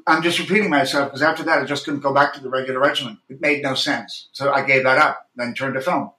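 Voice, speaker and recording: A man's voice: mid-range voice, fairly even intonation, quick pace, bright, forceful tone, roomy sound, poor audio. A man talking about his acting work in an interview, intense and earnest, often restarting his sentences. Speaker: actor and audiobook narrator, guest. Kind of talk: reflective interview talk.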